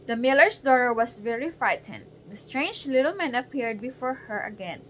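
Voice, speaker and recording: A woman's voice: on the high side, lively intonation, moderate pace, a bit bright, slight background noise, rough recording. Mother reading a bedtime story. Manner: casual reading, distracted, coaxing a wriggling baby. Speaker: mother reading to her baby.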